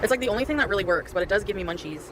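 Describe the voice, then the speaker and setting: Fast-talking nauseous woman on a noisy street. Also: mid-range voice, animated. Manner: rambling, complaining, frequent restarts. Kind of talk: rambling outdoor livestream chat. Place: outdoors on city streets, riding a scooter. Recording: clip with loud street noise.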